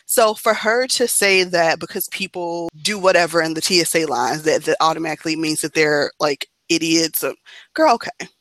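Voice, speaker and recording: A woman's voice: deep voice, fairly even intonation, moderate pace, fairly bright tone, dry recording. A woman co-hosting a casual podcast chat, blunt and sarcastically dismissive. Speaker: podcast co-host.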